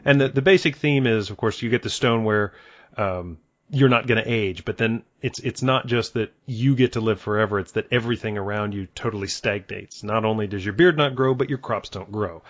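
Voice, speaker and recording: A man leading a casual book discussion, thoughtful and halting, with many fillers. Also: on the low side, no echo, dull audio.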